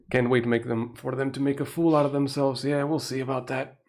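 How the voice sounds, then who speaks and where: Hushed Portuguese-accented male streamer. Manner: keeps voice low, laughs often, swears casually. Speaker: streamer reacting live. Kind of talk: casual live-stream commentary. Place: home room at night.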